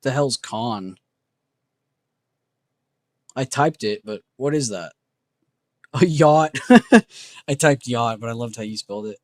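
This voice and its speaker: A man's voice: medium pitch, takes it slowly, long pauses, no room sound, clean studio sound. A man hosting a casual livestream, muttering word guesses to himself and reacting to chat with self-mocking remarks. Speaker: livestream host.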